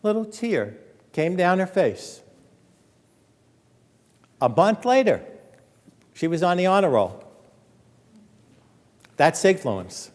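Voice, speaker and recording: A man giving an animated storytelling lecture as an author, joking with and quizzing his audience in a college hall. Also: high-pitched, takes it slowly, long pauses. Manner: animated, acts out quoted dialogue, jokes with audience. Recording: long hall reverb.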